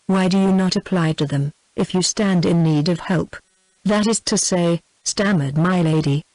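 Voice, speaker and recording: A text-to-speech woman's voice with a British English accent, reading a classic novel aloud in an even, synthetic way, using the same voice for every character. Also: on the low side, no room sound, poor audio. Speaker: narrator.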